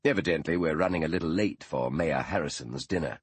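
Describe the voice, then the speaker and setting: A man reading the part of Sherlock Holmes, an earnest, shaken detective who asks halting, urgent questions. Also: very deep voice, breathy edge, no room sound. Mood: polite.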